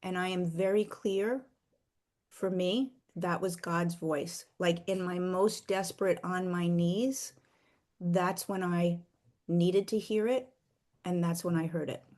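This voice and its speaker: A middle-aged woman earnestly sharing a personal faith story, slowing down for emphasis. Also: on the low side, fairly even intonation, a little mellow. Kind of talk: heartfelt personal testimony.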